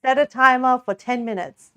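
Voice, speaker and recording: A woman's voice: high-pitched, moderate pace, a bit bright, clear, resonant tone, highs cut off. A young Australian woman chatting casually while baking on a stream, giggling often and rambling with lots of restarts.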